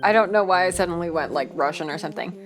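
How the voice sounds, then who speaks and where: Woman streamer chatting over game music, lowish voice, self-mocking. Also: fast talker. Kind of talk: casual game commentary.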